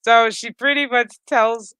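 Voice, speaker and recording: Bright-voiced, foul-mouthed recap vlogger, dry close sound, sarcastic rambling delivery. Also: medium pitch, fairly even intonation, unhurried, clear, resonant tone, no echo. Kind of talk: casual recap commentary.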